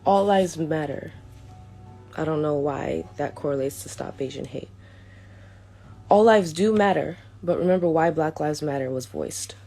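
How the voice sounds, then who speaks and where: A woman's voice: sits low, measured pace, mellow, faint music behind. A young woman reading out a prepared statement to her followers, earnest and a little hesitant, often stopping to restart her sentences. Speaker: vlogger.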